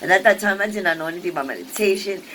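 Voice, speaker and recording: In a rough recording with a bit of hiss or hum, a woman vlogger speaks rapid-fire in a mid-range voice. Her personal story rambles casually, packed with fillers and restarts, as she energetically acts out what people said.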